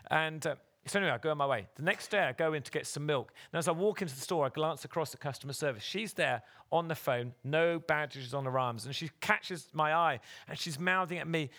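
A man's voice: fairly high pitch, brisk, bright, forceful tone. A man preaching a sermon as pastor at a church service, earnestly and directly urging the congregation.

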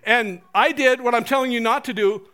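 A man preaching a sermon as pastor, animated and joking, acting out prayers in playful voices. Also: extremely high pitch, moderate pace.

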